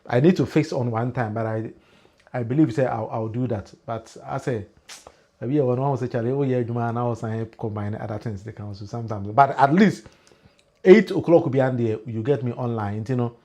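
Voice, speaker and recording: A Ghanaian man hosting a political livestream, talking in animated commentary that mixes Twi and pidgin English, with emphatic rises and frequent laughs. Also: medium pitch, brisk.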